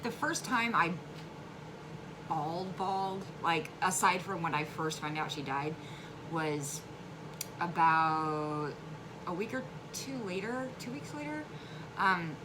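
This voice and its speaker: Low-voiced woman telling a personal story. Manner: frank, halting with restarts, flares up when angry. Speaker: vlogger sharing a personal story. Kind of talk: candid conversational storytelling. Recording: clear background noise.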